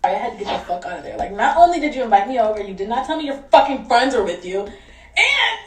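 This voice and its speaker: A young woman telling a storytime on her vlog, animated and profane, laughing as she goes. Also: a little high, fast talker, shouting. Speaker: vlogger. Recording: echoey room, distant mic.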